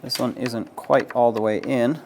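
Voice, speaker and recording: With a steady tone and measured pace, a medium-pitched man explains an auto repair job step by step in a practical how-to, using casual fillers, while background noise runs behind him.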